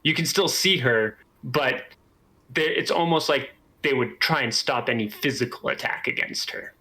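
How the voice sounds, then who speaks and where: Bright-voiced man running a tabletop game. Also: medium pitch, low-quality recording. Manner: easygoing, with filler pauses. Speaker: game master.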